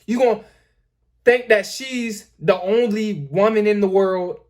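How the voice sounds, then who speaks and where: A man's voice: high voice, measured pace, darkish tone. A man hosting a dating-advice talk, lecturing emphatically, repeating his points and addressing his viewers as guys. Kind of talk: lecturing commentary.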